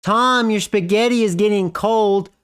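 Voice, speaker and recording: A man's voice: high-pitched, measured pace, fairly bright tone, clear, resonant tone, no room sound, clean studio sound, pitched above the performer's own voice. A man voicing a patient middle-aged mother calling her son to dinner in a singsong way.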